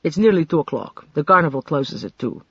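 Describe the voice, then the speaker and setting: Narrator doing a gruff burly carnival manager, blunt and clipped, husky, kinda muffled audio. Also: medium pitch, big pitch swings, brisk, no echo, full character voice.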